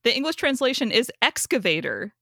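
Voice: mid-range voice, big pitch swings, fairly quick, vocal fry, bright, forceful tone, dry recording, studio quality. A podcast co-host in casual chat, chatty and given to frequent laughs and fillers.

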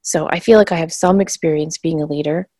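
A woman's voice: sits low, steady tone, fast, dark tone, no room sound, studio quality. A woman who used to teach, co-hosting a casual chat and telling stories with emphatic energy. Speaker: podcast co-host, former teacher.

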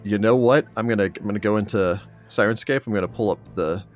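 A man co-hosting a podcast and telling stories about editing the show in a chatty, animated way. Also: on the low side, quick pace, faint music behind. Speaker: podcast co-host and game master who edits the show. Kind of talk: casual podcast chat.

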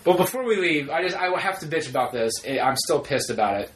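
Profane, animated man with a higher voice. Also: quick pace, a little hiss or hum. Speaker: podcast co-host. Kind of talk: casual chat.

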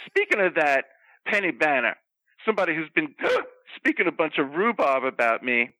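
A man's voice: a little high, very animated, moderate pace, bright, forceful tone, no echo, voice pushed down, low-quality recording. A man voicing a flustered, bawdy old Southern belle who keeps gasping with hiccups as she rambles through scandalous gossip. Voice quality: gasping hiccups between phrases. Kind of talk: comedic character bit.

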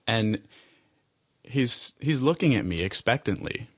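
An American man telling a personal travel story out loud, rambling and animated, often laughing and restarting his phrases. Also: mid-range voice, measured pace, breathy edge. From United States. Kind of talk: personal story told aloud.

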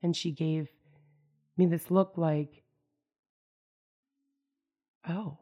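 A middle-aged woman from the United States recounts a personal story in a loose, conversational flow, leaning on fillers. Her voice sits low with a gravelly edge. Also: normal speed, darkish tone. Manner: conversational, many fillers like "like" and "you know". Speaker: storyteller recounting family life.

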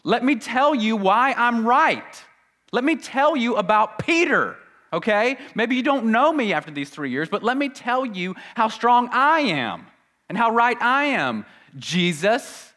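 A man's voice: very high-pitched, big pitch swings, a little slow, pushed and bright, voice pushed up, exaggerated voice. A man voicing a boastful, stubborn male disciple who talks with emphatic, defiant insistence.

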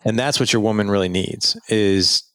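A man's voice: on the low side, moderate pace, dry recording, clean studio sound. A middle-aged man talking as a podcast guest, earnestly coaching men on marriage and acting out little scenes as he explains. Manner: earnest, animated storytelling with acted quotes. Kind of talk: casual advice conversation.

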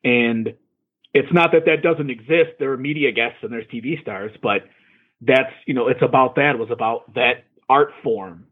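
A man's voice: mid-range voice, normal speed, breathy edge. A man co-hosting a podcast in casual chat, laid-back and swearing freely. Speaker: podcast co-host. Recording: tinny phone-like line.

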